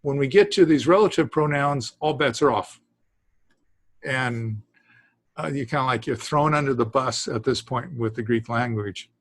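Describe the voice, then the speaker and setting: A fairly bright, mid-range male voice at a moderate pace leads a Greek lesson for students present, with no echo in the recording. He rambles, cuts himself off to begin sentences again, and chuckles here and there.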